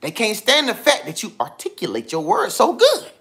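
A man giving casual motivational talk on a livestream, slangy and animated, repeating himself often. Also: sits high, normal speed, creaky. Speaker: vlogger. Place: indoors with TV and iPad.

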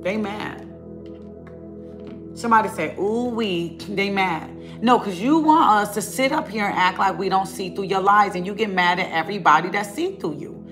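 A woman's voice: mid-range voice, moderate pace, over music. A woman ministering online, preaching a fiery rant at her viewers, emphatic and scolding, with lots of repetition and casual talk.

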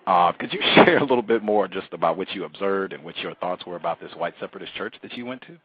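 A male talk-show host asks his questions in a halting way, circling back with fillers and restarts. His voice sits very low and husky. The sound is slightly dull, like a modest lo-fi recording. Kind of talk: interview.

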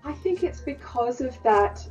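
A woman's voice: high voice, animated, measured pace, darkish tone, far from the mic, muffled recording, soft background music. A woman, a dialect coach, answering interview questions in a thoughtful, conversational way. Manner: thoughtful, conversational, hesitant phrasing.

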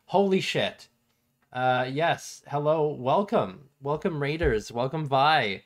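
A man streaming a retro strategy game from home, talking casually to chat, excitable, swearing often and stumbling over words. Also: on the high side, slow pace, faint music behind.

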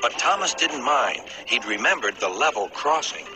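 A man narrating a children's storybook in a lively, expressive reading style. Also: mid-range voice, normal speed, rough recording. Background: music.

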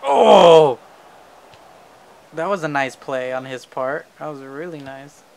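A young man casually commentating his own football video game match, excitable and quick to swear and yell at the game. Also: mid-range voice, a little hiss or hum.

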